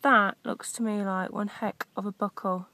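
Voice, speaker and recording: A woman chatting excitably while metal detecting outdoors in a farm field, often dropping her voice to a hushed whisper. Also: mid-range voice, moderate pace. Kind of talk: casual outdoor commentary.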